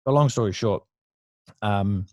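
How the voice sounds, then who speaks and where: A man's voice: fairly low pitch, measured pace, no echo. An Australian man in his thirties, a podcast guest, telling stories from his past in a blunt, profane, casual way with frequent laughs. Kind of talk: casual storytelling interview.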